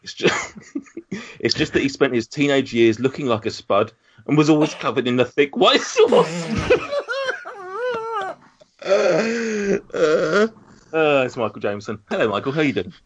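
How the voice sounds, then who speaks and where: A man's voice: mid-range voice, expressive, brisk, background noise. A man hosting a casual podcast, giving jokey, teasing introductions of his guests. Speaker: podcast host. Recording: dull lo-fi recording.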